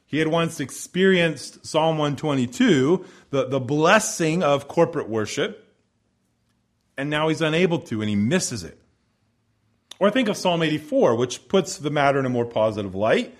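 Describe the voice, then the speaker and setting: A man preaching a sermon in an earnest, measured cadence, slowing for emphasis and reading scripture aloud. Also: on the high side, expressive. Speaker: pastor.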